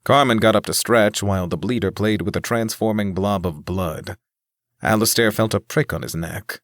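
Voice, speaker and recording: A man narrating a fantasy audiobook in a steady, even reading. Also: lowish voice, normal speed, no room sound, studio quality. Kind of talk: scripted narration.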